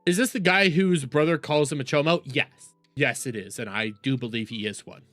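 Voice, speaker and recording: A man hosting a stream, mocking a clip in sarcastic reaction commentary that swings from loud outbursts to low mutters. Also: fairly quick, no echo, faint music behind.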